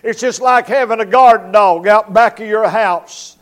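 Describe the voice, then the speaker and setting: A man preaching a revival sermon as an evangelist in a church, emphatic and animated, acting out voices as he goes. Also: high voice, unhurried. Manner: emphatic preaching, acts out voices and barking dog.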